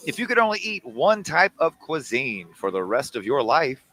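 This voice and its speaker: Male host for a casual stream: bright tone, lively and teasing. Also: medium pitch, normal speed. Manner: teasing, animated. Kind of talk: casual livestream chat.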